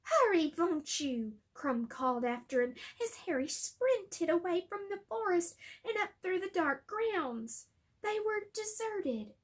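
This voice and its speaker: Brief: unhurried, high-pitched female reader, steady and expressive. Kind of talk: audiobook reading.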